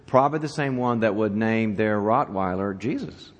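A man's voice: lowish voice, normal speed, big-room sound, muffled recording, close to an everyday voice. A man voicing a matter-of-fact pet parrot in a joke, delivering dry answers. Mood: deadpan.

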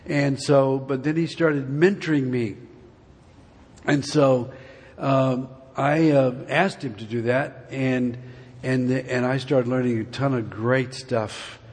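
A man's voice: mid-range voice, fairly even intonation, takes it slowly, darkish tone, breathy edge. A man in his seventies giving a church testimony, telling a folksy, meandering personal story to the congregation. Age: 70s. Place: church sanctuary. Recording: long reverb of a large hall.

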